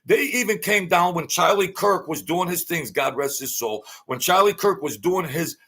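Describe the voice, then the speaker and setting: A man's voice: high-pitched, animated, moderate pace, fairly bright tone, husky. A man delivering a blunt, heated, repetitive ranting monologue as an online commentator.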